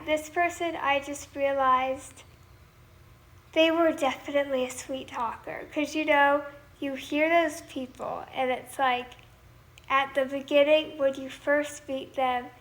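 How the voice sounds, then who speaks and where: A young woman singer chatting casually on a livestream, thanking viewers and now and then singing lines from her song. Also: high voice. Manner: chatty, reads viewer comments aloud and thanks them.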